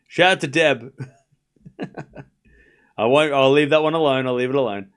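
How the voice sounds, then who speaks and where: Speaking slowly in a mid-range voice with a fairly bright tone, a young man runs a casual live tennis watchalong. Between score calls, he reads the chat and replies with playful fake anger.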